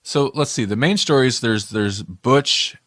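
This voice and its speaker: Co-hosting a casual film review, he speaks at a measured pace in a medium-pitched, fairly bright voice, wandering off and correcting himself. The studio-quality audio has no echo.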